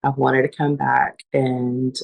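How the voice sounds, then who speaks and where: Gravelly-voiced woman recounting a near-death experience. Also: extremely low pitch, little pitch movement, slow pace, a little mellow, poor audio. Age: adult with children. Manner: earnest, searching, restarts and fillers while recalling. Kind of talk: emotional personal testimony.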